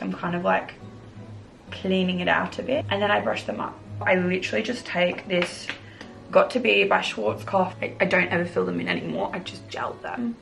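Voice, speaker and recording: A woman runs through a makeup tutorial from her bedroom in a bubbly, chatty way, calling every brush and product little. Her voice sits at an ordinary pitch with a gravelly, fry-tinged edge. Music plays clearly behind her. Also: poor audio. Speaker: makeup vlogger. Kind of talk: casual tutorial chat.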